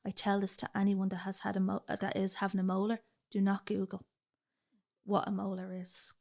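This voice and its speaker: A woman's voice: medium pitch, gravelly, a little mellow. A young woman with a Dublin accent, telling her personal story as a podcast guest and acting out the dialogue. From Ireland. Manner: chatty, retells dialogue, fillers like "like".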